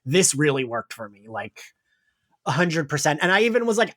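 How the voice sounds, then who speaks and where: A man's voice: a little high, sing-song, moderate pace, bright, forceful tone. Chatty man rambling as podcast co-host. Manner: chatty, rambling, full of "like" and restarts. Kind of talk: casual chat.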